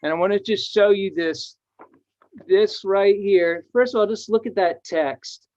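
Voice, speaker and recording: A man's voice: high-pitched, measured pace, darkish tone. A man, a children's author, presenting his book with enthusiasm and reading verses aloud in a rhythmic way. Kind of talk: book talk to readers. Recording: dull lo-fi audio.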